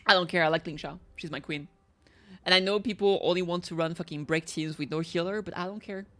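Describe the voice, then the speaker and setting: A woman's voice: on the low side, fairly quick. Chatty French-accented woman streaming a game. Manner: swears freely, chatty and excitable. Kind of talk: casual gameplay commentary.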